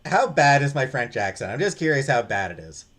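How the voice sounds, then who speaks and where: A man's voice: medium pitch, big pitch swings, a little fast, a bit bright. A man hosting a game playthrough, playful and joking about himself. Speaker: gaming channel host. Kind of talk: let's play reading game dialogue.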